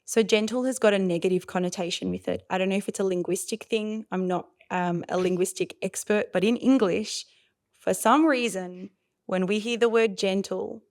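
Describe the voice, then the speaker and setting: Woman, 40s, parenting coach; gravelly, animated, storytelling delivery. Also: medium pitch, normal speed. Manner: expressive, acts out voices of parents and kids. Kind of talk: animated explaining in a podcast interview.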